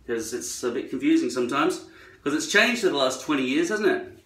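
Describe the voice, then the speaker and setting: A man's voice: medium pitch, animated, a little fast, sharp tone, recorded from a distance. A man vlogging in a rambling, sarcastic, profane monologue while trimming his hair. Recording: roomy echo, away from the mic.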